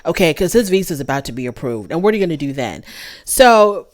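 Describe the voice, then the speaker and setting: A woman hosting a casual TV recap, gossipy and animated, talking straight to her viewers. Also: low-pitched, fast talker. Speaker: reality TV recap host. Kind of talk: casual chat review.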